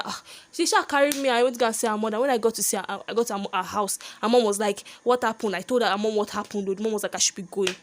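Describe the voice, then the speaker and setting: A young woman telling a personal story in a lively, animated vlog monologue. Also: mid-range voice, racing. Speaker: vlogger.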